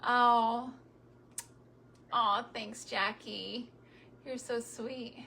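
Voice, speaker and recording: A woman vlogger talks to her viewers while she works on a craft, chatty and tender, with a bright, fairly high voice. She speaks slowly and unhurriedly, and keeps turning to the audience with little asides. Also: fairly even intonation, creaky, slight background noise. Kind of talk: casual chat while crafting.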